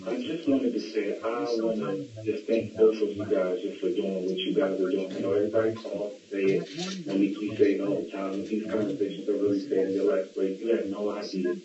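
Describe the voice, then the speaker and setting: A man's voice: lowish voice, fairly quick. Earnest young man on a muffled call. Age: 20s. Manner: earnest, gushing, repeats his thanks. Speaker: caller. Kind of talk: call-in on a podcast. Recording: distant, muffled, echoey call with crowd noise.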